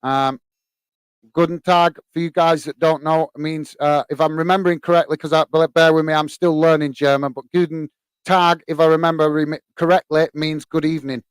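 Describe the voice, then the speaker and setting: A man hosting a live football fan stream, reading out viewer comments and chatting back in a relaxed, rambling way full of fillers. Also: on the high side, fairly quick, clean tone, no room sound. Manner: relaxed, chatty, many fillers, calls listeners mate. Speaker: host of a football fan channel.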